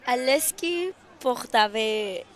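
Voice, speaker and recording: A woman's voice: fairly high pitch, expressive, drawn-out words, fairly bright tone, dry recording. A woman from Mexico in her first time in a commentary booth, answering in short, shy, giggly bits on a booth microphone. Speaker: guest co-commentator.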